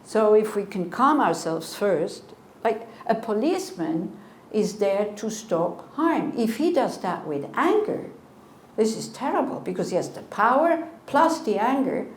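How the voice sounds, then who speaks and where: A woman's voice: medium pitch, very animated, measured pace. Woman in her 60s teaching buddhism, chatty and earnest, echoey room with a bit of hiss. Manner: conversational, earnest, with rhetorical questions. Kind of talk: dharma teaching with Q&A. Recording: echoey room, faint noise.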